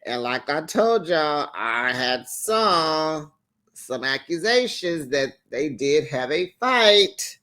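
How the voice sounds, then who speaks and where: An animated reviewer breaks down a reality episode in loose, chatty commentary, with a voice that leaps up and down all the time. They talk straight at the people on screen and act out what those people said. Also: mid-range voice, takes it slowly. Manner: animated, talks straight to the cast, acts out quotes. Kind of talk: casual commentary to camera.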